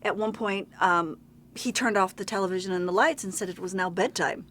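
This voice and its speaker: A woman in her forties from Baltimore chats as a guest, telling lively family anecdotes with frequent laughter. Her voice sits at a middle pitch, and there is faint background noise. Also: brisk. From Baltimore, USA. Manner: animated storyteller, laughs often. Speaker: talk show guest, actor. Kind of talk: casual chat.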